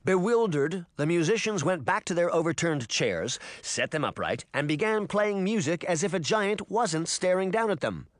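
A man narrating a fantasy story as an audiobook reader, in expressive scripted narration. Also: sits high, normal speed, hardly any pauses, no room sound.

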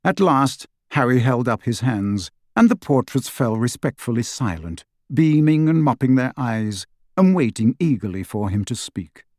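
A man narrating an audiobook in a steady, even storytelling manner on a close microphone. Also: mid-range voice, normal speed, hardly any pauses, dry recording. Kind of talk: scripted narration.

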